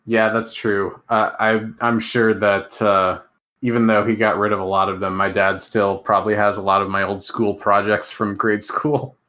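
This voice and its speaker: A man co-hosting a podcast in casual chat, measured and hesitant with dry humor. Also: on the low side, little pitch movement, sharp tone. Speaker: podcast co-host.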